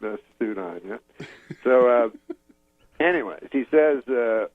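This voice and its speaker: A man from Canada, telling a meandering anecdote as a comedian guest in a deadpan way, chuckling at his own story. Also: medium pitch, slow, no echo. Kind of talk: rambling anecdote in an interview. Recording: slightly muffled lo-fi audio, dry.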